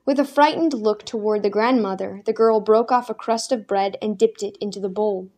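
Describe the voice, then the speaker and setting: A woman reading a story aloud in a measured, even narration. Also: medium pitch. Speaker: audiobook narrator. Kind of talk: scripted narration.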